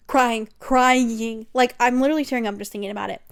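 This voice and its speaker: A young woman vlogger giving an animated, gushing recap of a TV series, full of slang and swearing. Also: fairly high pitch, brisk, smooth. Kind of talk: casual, chatty recap.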